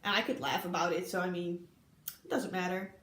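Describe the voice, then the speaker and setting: A woman's voice: on the low side, fairly even intonation, a little fast, a bit bright, slight background noise. A young woman from the Netherlands with a Dutch accent, casually telling funny stories from her exchange year, chatty and giggly with many ums. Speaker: vlogger recalling an exchange year. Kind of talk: casual storytelling to camera. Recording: echoey room.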